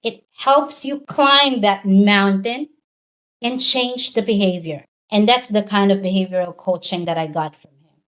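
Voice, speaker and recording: A woman speaks as a coach in a motivational talk. Her voice sits at an ordinary middle pitch, and her delivery is direct and earnest. She pushes her points with one rhetorical question after another. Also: measured pace, a bit bright. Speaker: speaker coaching virtual professionals.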